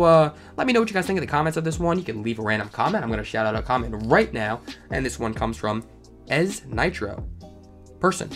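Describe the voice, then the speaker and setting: A man hosting a story channel who reads online stories aloud and breaks into animated, ranting comedic commentary. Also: medium pitch.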